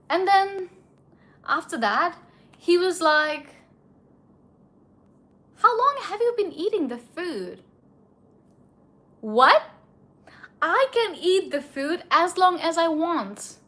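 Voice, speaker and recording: High-voiced woman telling a story. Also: a bit bright. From India. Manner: chatty, indignant, heavy use of filler "like". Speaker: vlogger. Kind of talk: casual storytime monologue.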